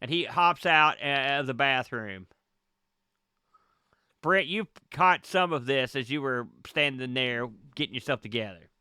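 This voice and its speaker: A man's voice: medium pitch, measured pace, pushed and bright, smooth, no echo, clean studio sound. A man running a tabletop game as game master, narrating and joking with players. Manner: joking, conversational.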